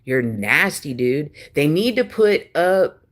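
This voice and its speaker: A woman, ranting profanely and taunting someone on a livestream, swinging between loud and soft. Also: deep voice, big pitch swings, takes it slowly. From Texas. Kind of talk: angry livestream rant.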